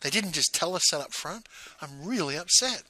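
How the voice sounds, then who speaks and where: A man's voice: a little high, lively intonation, moderate pace, sharp tone, dry recording, poor audio. A man, a former salesman, telling his own story frankly, with bursts of indignation. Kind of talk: candid personal storytelling.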